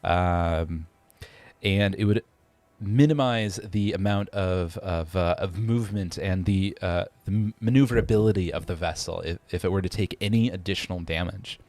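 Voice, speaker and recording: A man narrating as game master of a tabletop game, pausing often with fillers and restarting his sentences. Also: low-pitched, a little mellow, no room sound. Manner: hesitant, many fillers and restarts.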